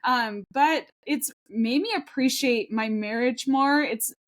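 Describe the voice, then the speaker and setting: A woman's voice: high-pitched, slow. A woman in her thirties co-hosting a podcast in casual chat, rambling and earnest with lots of fillers. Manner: chatty, rambling, many fillers and restarts; earnest and heartfelt. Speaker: podcast co-host.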